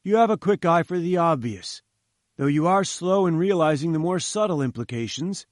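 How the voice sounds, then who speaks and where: Man playing a haughty old professor, lectures down to people, fairly high voice, dry close sound. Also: expressive, moderate pace, no echo, natural voice. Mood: lecturing. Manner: condescending, lecturing. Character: pompous, patronizing older male professor. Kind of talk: audiobook reading.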